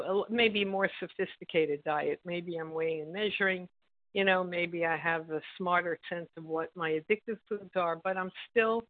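A woman's voice: lowish voice, no room sound. Earnest woman sharing, tinny call audio. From Israel. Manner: earnest, halting, with fillers and throat clearing. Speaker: meeting member sharing. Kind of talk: personal share at a recovery meeting.

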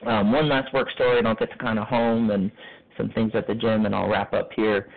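A man's voice: lowish voice, level tone, a little fast, vocal fry. A school administrator, a man, sharing personal stories in an earnest, reflective way. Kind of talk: personal testimony. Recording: tinny phone-like line.

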